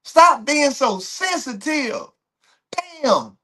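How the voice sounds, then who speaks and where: Fired-up man ranting, high lively voice. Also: extremely slow, slight background noise. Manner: heated, blunt, repeats words and restarts often, laughs between points. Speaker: host of a track and field commentary show. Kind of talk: ranting commentary to camera.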